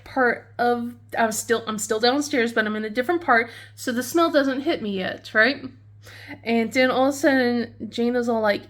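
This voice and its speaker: Chatty craft-vlog lady in her thirties, kinda high voice, rambles and laughs a lot. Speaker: craft channel host. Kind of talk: casual chat while crafting.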